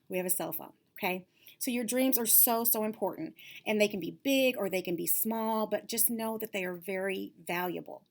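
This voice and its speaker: A woman giving an upbeat, encouraging talk to young girls, coaching them and dropping to a whisper for emphasis. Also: medium pitch. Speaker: lead facilitator for girls' self-esteem class.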